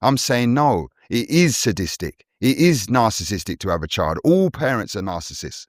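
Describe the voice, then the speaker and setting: A man's voice: on the low side, sing-song, moderate pace, no echo, studio quality. Emphatic, preachy man. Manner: preachy, emphatic, repeats his points. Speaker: podcast co-host. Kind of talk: forceful monologue.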